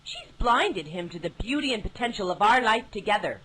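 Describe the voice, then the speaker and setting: A woman's voice: mid-range voice, very animated, brisk, a little hiss or hum, poor audio. Woman playing Helen, a bitter betrayed wife. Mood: solemn. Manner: shouting angry threats, then solemn resolve. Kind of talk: video game voice acting.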